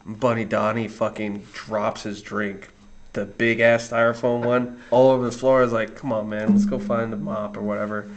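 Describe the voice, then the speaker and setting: A man's voice: on the low side, little pitch movement, moderate pace. A man co-hosting a casual podcast, joking and teasing his friend. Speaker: podcast co-host. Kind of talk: casual chat.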